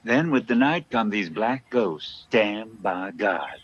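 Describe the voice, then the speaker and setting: A man's voice: fairly low pitch, expressive, slow pace. An actor playing a smug, self-righteous male plantation owner who prays aloud in a dubbed film. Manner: self-satisfied, preaching prayer. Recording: dull lo-fi film audio with noise.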